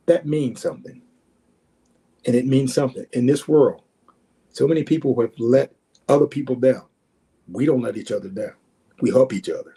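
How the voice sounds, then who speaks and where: A man's voice: normal speed, creaky, long pauses, mellow. A man in his sixties, a former football player as guest, telling heartfelt stories over a video call, repeating words and acting out past conversations. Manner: repeats words, acts out quoted exchanges with rising pitch. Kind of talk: emotional storytelling.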